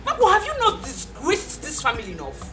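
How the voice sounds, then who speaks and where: A woman's voice: high voice, wildly swooping pitch, fairly quick, faint music behind, heavily acted. An actress with a Nigerian accent playing an exasperated young woman who scolds a relative. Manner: sharp, scolding.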